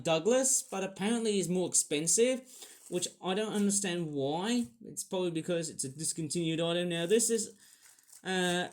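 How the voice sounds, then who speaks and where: A young man with a slightly high voice talks his way through a toy review. He rambles, apologises for himself and trails off into ums and you-knows before finding his thread again. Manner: rambling, self-deprecating, full of fillers. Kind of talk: casual toy review vlog.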